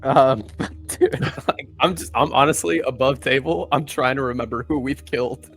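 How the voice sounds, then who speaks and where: A man's voice: mid-range voice, moderate pace, fairly bright tone, slightly rough, soft background music. A man playing a tabletop game, chatting casually and hesitantly. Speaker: player. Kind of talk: casual chat.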